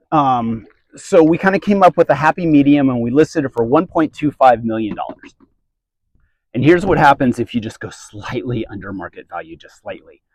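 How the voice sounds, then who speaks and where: A realtor and team leader with a medium-pitched voice gives earnest, emphatic advice straight to camera in a direct-to-camera video. There's no echo, but the recording quality is low.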